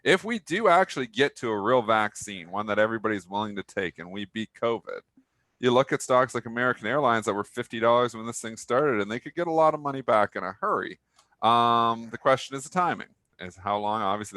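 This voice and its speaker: A man co-hosting a pre-market stock show, chatting casually with animated, joking banter. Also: fairly low pitch, a little fast, no room sound.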